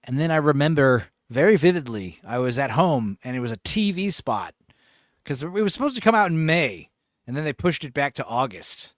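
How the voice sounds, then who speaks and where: A man in his forties hosting a podcast in casual chat, laughing, swearing and doing animated impressions. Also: on the high side, normal speed, no echo, studio quality. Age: 40s. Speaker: podcast host.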